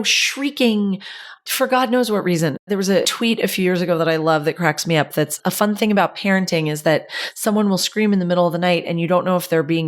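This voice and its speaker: Chatty woman with a lowish voice. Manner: chatty, lots of "like", animated asides. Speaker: podcast host. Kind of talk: casual advice talk.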